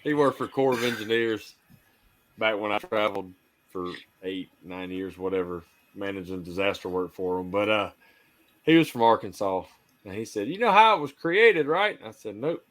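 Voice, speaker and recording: Low-voiced Southern storytelling man. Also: moderate pace. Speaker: co-host. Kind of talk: casual podcast chat.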